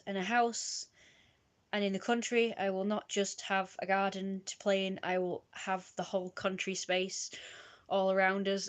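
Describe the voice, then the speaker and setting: A woman with a British accent, reading her old diary entries aloud on a stream, halting now and then as she stumbles over her own handwriting. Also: mid-range voice. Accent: British English.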